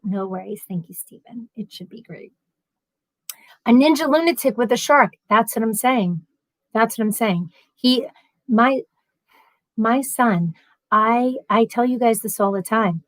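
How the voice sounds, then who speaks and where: A middle-aged woman hosts a casual livestream, chatting animatedly as she reads out viewer comments. Her voice sits on the higher side, and the sound is dry and close with little room echo. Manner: chatty and animated, laughs often.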